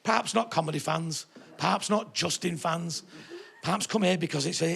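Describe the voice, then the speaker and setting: A man's voice: a little high, moderate pace, gravelly, a bit bright, husky. A middle-aged man with a northern English accent doing a live stand-up set, rambling and sardonic with plenty of swearing. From northern England. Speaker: stand-up comedian.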